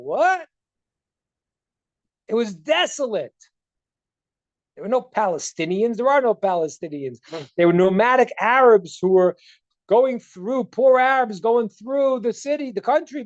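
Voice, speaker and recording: A man's voice: extremely high pitch, no echo, lo-fi sound. A man teaching as a rabbi over a video call, earnest, repeating words as he builds a point and retelling stories with dialogue. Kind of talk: Zoom teaching talk.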